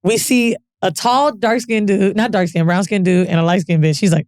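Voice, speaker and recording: A woman co-hosting a podcast, telling a frank, profane story with animated quoted dialogue. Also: medium pitch, normal speed. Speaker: podcast co-host. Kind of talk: casual storytelling chat.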